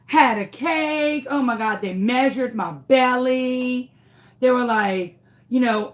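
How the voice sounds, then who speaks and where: A woman's voice: high-pitched, slow. A young woman telling a story in a casual, dramatic way, acting out the voices of the people in it. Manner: dramatic, exaggerated retelling with quoted voices. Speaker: craft vlogger.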